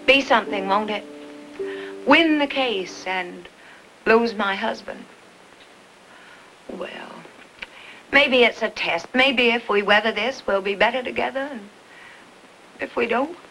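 A woman's voice: on the high side, slow, long pauses, a bit bright, faint music behind, poor audio. An actress playing a married woman lawyer who talks earnestly and often restarts her sentences. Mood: fretful.

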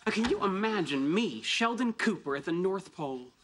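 An actor playing a pedantic, self-absorbed young physicist who talks in a precise, lecturing, oblivious way in a sitcom. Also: male voice, sits high, expressive, normal speed, slight background noise. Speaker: theoretical physicist character. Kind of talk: sitcom acting. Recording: sitcom with loud audience laughter.

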